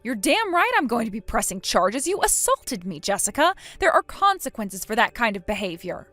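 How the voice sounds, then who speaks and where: A woman's voice: on the high side, big pitch swings, normal speed, fairly bright tone, faint music behind. A woman voicing a stern, cold young woman who scolds and refuses to forgive in a scripted drama.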